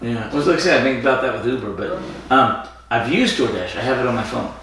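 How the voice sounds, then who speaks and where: A man co-hosting a casual podcast, chatting over drinks and retelling scenes with quick character voices. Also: mid-range voice, expressive, a bit bright, very echoey, distant mic, a little hiss or hum. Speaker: podcast co-host. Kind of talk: casual chat while drinking.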